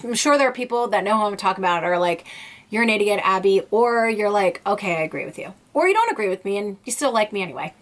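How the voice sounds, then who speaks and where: A woman YouTube vlogger delivers a ranting commentary to her viewers, indignant and emphatic, repeating phrases to drive her points home. Her voice is medium in pitch and a bit bright.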